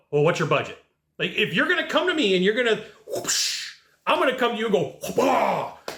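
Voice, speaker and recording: Punchy, bright-voiced sales trainer man. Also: sits high. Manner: punchy, animated, acts out customer exchanges. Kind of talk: energetic sales training monologue. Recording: echoey room.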